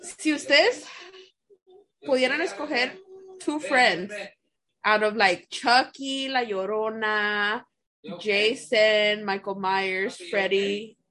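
A woman co-hosting a podcast in loud, swearing casual chat, switching between English and Spanish. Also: medium pitch, fairly even intonation, takes it slowly, poor audio. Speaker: podcast co-host.

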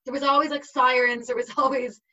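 A woman's voice: high-pitched, level tone, fairly quick, pushed and bright. A young woman in her twenties talking casually as a guest, full of fillers. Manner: chatty, uses many fillers. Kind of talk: casual conversation. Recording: slightly dull lo-fi sound.

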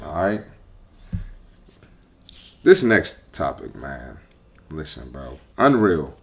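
A man hosting a podcast as a personal trainer, talking bluntly and with profanity in a casual, animated monologue. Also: extremely low pitch, slow, creaky.

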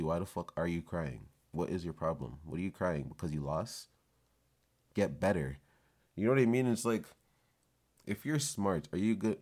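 A man's voice: deep voice, darkish tone. A man talking straight to his viewers in a casual opinion monologue, full of fillers and rhetorical questions. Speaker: vlog host.

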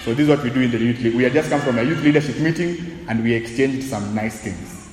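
A man preaching a sermon with animated, humorous delivery, mixing English and Swahili. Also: mid-range voice, quick pace, reverberant, in a large hall, low-quality recording. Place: church sanctuary.

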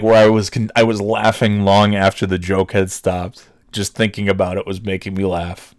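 A man in his forties hosting a casual solo talk show, ranting and swearing with sarcastic asides. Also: low-pitched. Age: 40s. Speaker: podcast host.

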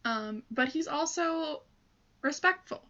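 A young woman co-hosting a casual movie discussion, gushing and halting, with many fillers. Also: sits high, expressive, pushed and bright, dull audio. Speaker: podcast co-host.

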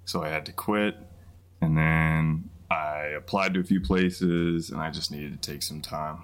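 A young man in a casual podcast chat who talks in a slow, halting way when he tells a story. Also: rumbling low, steady tone. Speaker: podcast co-host.

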